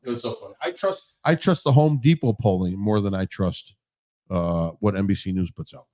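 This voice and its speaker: A man co-hosting a casual podcast, bantering about politics and football and jumping up in pitch when he is incredulous. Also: normal speed, dark tone. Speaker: podcast co-host.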